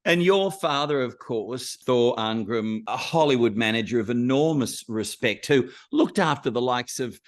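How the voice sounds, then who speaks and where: A man's voice: mid-range voice, expressive, moderate pace, hardly any pauses. A man hosting a celebrity interview, asking prompting questions and affirming his guest. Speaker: interview host.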